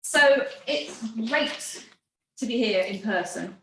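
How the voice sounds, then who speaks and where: A woman speaking to an audience in a room, talking slowly and carefully. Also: fairly high pitch, lively intonation, fairly bright tone. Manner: slow, careful reading. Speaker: speaker at a community event. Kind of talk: talk to a live and online audience. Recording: echoey room, mic from a distance, faint noise.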